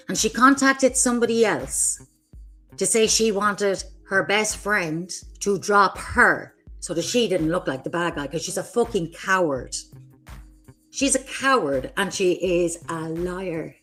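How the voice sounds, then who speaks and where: A woman's voice: fairly low pitch, a bit bright. Furious, swearing woman streamer. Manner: angry, profane, confrontational. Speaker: streamer host. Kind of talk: livestream rant.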